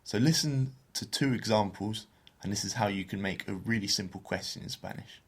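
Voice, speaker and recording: A man co-hosting a beginner Spanish podcast, explaining phrases and slowing down to model pronunciation. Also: lowish voice, slightly rough. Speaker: podcast co-host teaching Spanish.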